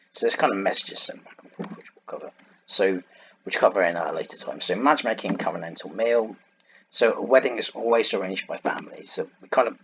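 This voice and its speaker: A deep-voiced man teaching a Bible lesson in a loose, informal way, walking through his slides. He drifts into side points and stops to search aloud for the right word. The sound is a little dull and muffled, with a faint hiss underneath. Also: fairly bright tone. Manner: digressive, thinks aloud and searches for words. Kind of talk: informal lecture over slides.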